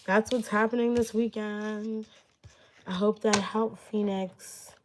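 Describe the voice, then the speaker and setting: A woman's voice: mid-range voice, steady tone, slow, noisy background. A young woman giving live-stream tarot readings in a casual, rambling way, full of fillers and hedges. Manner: casual, filler-heavy, hedging talk. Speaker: tarot reader.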